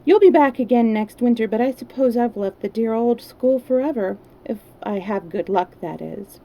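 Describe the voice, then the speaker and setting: A woman's voice: a little high, expressive, normal speed, mellow, rough recording. Anne, a woman reading as a pleading teenage girl. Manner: pleading, emotional. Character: tearful imaginative teenage girl. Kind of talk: storybook read-aloud.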